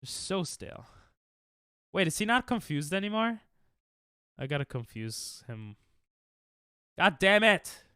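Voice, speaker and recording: A young man streams a game while sick, coughing between jokes and answers to chat. His voice is smooth and resonant, and his pitch jumps around a lot. It is recorded close and dry. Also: sing-song, measured pace, pauses often, pushed and bright, no echo. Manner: casual, jokey, reads and answers chat. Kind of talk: live-stream gaming chat.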